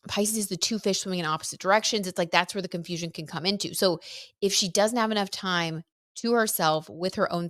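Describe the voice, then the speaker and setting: A woman's voice: medium pitch, no room sound, clean studio sound. A woman hosting a casual astrology talk, chatty and effusive, with lots of "like" as she goes. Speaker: astrology and tarot host.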